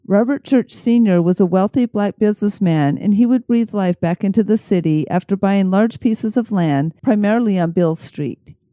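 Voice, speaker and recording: A woman co-hosting a podcast, reading scripted narration in a measured, even way. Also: mid-range voice, no echo, studio quality. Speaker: podcast co-host.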